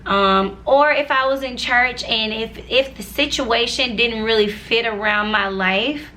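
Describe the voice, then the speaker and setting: A woman's voice: fairly high pitch, measured pace, bright, forceful tone, slight background noise. A woman in her twenties telling her personal faith story to viewers in a chatty, earnest way, with many asides. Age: 20s. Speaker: vlogger sharing her faith testimony. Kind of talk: casual personal testimony.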